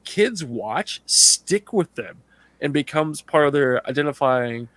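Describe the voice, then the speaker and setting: A man co-hosting a casual podcast chat, telling animated stories, laughing often and acting out other people's lines. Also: on the high side, takes it slowly, no echo. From Canada. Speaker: podcast co-host.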